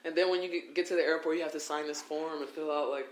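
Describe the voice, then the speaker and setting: Brief: male wrestler guest, quick animated storyteller in an echoey room with faint noise. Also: on the high side. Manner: animated, quick, acts out quoted voices. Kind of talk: casual podcast storytelling.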